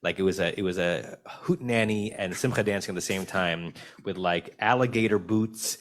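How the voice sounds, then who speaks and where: Male rabbi, lowish voice, leading lively study discussion over video call. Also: moderate pace. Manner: conversational, animated storytelling with laughter. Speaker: rabbi teaching a text class.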